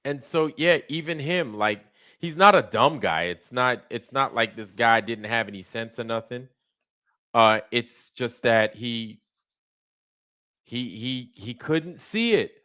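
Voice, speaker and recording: Male stream host, casual chatty storyteller, acts out dialogue, bright tense tone. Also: mid-range voice, slow pace, clear, resonant tone, lo-fi sound. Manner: animated storytelling, acts out both sides of conversations. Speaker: livestream host. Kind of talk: casual monologue.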